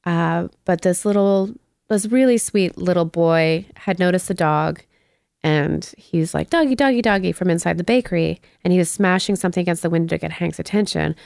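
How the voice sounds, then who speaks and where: Low, gravelly woman telling stories. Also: normal speed, no echo, clean studio sound. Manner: storytelling, animated quoted voices, swears casually. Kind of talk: casual chat.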